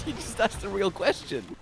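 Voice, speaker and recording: A man's voice: sits high, gravelly, a little hiss or hum. A man co-hosting a gaming video, chatting casually and laughing often as he plays. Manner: animated, laughs often, rambling restarts. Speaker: gaming YouTuber co-host. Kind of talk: casual gameplay banter.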